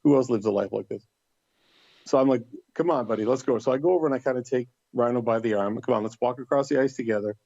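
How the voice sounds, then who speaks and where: A man's voice: mid-range voice, rapid-fire, hardly any pauses, no echo, muffled recording. A middle-aged man casually telling a story, acting out the other people's lines in livelier voices. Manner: animated, acts out voices in quotes. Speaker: podcast guest.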